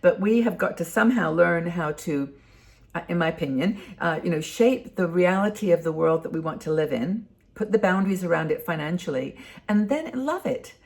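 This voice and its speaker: Woman in her sixties, low pitch, gravelly fry, conversational advice, rambling with fillers. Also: expressive, normal speed. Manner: warm conversational, rambling with many ums and restarts. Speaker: host of a community for older women. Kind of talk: casual talking-to-camera advice.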